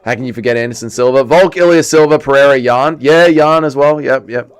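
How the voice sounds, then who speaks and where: A young Welsh man hosting a casual livestream watch-along, chatting excitedly with his viewers and calling the action. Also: mid-range voice, a little fast, clear, resonant tone. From Wales. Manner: excitable, chatty, reads chat aloud. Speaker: livestream host.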